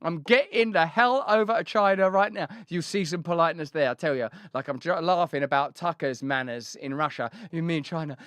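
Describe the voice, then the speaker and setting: A man hosting a casual political commentary show, animated and jokey, slipping into silly put-on voices. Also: high-pitched, fairly quick, hardly any pauses, clean tone, no echo, studio quality. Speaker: host.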